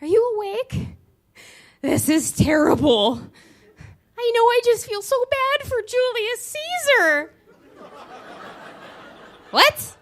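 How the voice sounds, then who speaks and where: A woman putting on the voice of an earnest, overwrought young woman, squeaky and breathless. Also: big pitch swings, takes it slowly, exaggerated voice. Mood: fretful.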